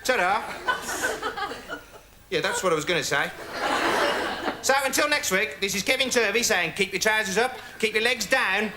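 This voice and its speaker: An actor playing a dim young man who rambles through pointless stories in a deadpan comedy monologue, full of asides. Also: sits high, moderate pace, pauses often, lightly acted. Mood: rambling. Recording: loud noise with laughter over it.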